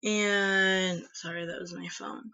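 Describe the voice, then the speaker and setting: Slow-talking young woman, bright voice. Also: mid-range voice, steady tone, smooth. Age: early 20s. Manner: rambling, filler-heavy with frequent "like" and "um". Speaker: vlogger. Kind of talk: casual storytelling to camera. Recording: dull lo-fi audio.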